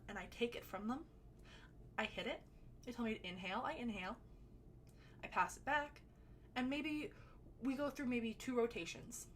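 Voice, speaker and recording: A woman telling a personal story to camera in a chatty, animated way, with sudden loud bursts and some swearing. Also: on the high side, slight background noise. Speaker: storytelling vlogger. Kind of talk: casual storytime.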